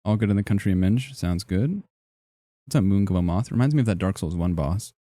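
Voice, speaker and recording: Young dude streamer rambling and joking with chat, low mellow voice, dry close sound. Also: male voice, expressive, fairly quick, no room sound. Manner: rambling, jokey, reacts to chat. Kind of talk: casual live-stream chat.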